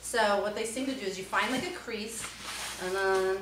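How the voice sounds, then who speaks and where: A woman unboxing an instrument in a casual vlog, gushing and excitable, laughing often. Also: mid-range voice, brisk. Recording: roomy, mic at a distance, background noise.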